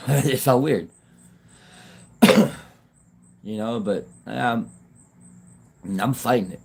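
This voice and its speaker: This is a man talking off the cuff to viewers of his livestream on his phone. His speech rambles and halts, with many phrases left unfinished, and he laughs often. His voice sits at an ordinary pitch for a man. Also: very slow, creaky, darkish tone, a little hiss or hum. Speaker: YouTube livestreamer. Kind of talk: casual livestream chat.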